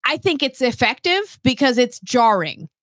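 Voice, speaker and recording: A woman co-hosting a casual sports podcast, talking in a thoughtful, chatty way with quick light laughs. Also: sits high, big pitch swings, fairly bright tone, no echo, clean studio sound. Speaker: podcast co-host.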